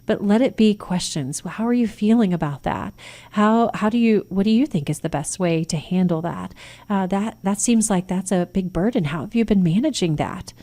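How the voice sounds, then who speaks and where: An American woman, a radio host and nurse practitioner, gives earnest parenting advice on a Christian radio show and acts out sample phrases. Her mid-range voice is mellow and moves at a moderate pace.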